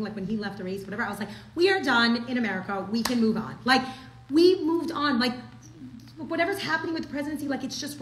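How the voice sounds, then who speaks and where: Fast-talking chatty young woman teacher. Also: medium pitch, reverberant, slight background noise, poor audio. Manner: chatty, animated, peppered with "like". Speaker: class teacher. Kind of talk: casual Torah class.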